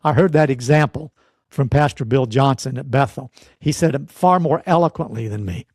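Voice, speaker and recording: Man, preacher, sermon teaching, exhorting, rhetorical questions, dramatic pauses, dry sound. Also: medium pitch, darkish tone, no echo.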